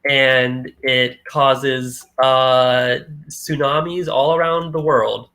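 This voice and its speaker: Gravelly, bright-voiced man recapping comics. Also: medium pitch, fairly even intonation, extremely slow, poor audio. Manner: retells plot with quoted character lines, laid-back. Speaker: podcast co-host. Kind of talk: casual comic book recap.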